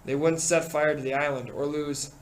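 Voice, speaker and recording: A man's voice: a little high, fairly even intonation, normal speed, close to an everyday voice, low-quality recording. A man voicing an anxious, fussy, reasoning boy while reading a novel aloud. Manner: fretful, pleading.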